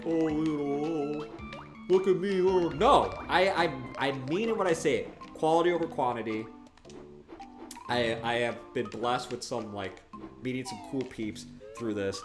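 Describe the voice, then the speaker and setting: A male streamer giving live gameplay commentary, chatty and excitable, breaking into loud outbursts when things go wrong and thanking viewers warmly by name. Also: mid-range voice.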